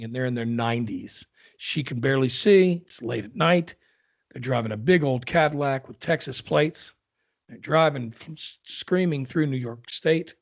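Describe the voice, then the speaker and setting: Gravelly man rambling through jokes. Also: mid-range voice. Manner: rambling, self-correcting storyteller. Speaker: podcast co-host. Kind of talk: casual joke-telling chat.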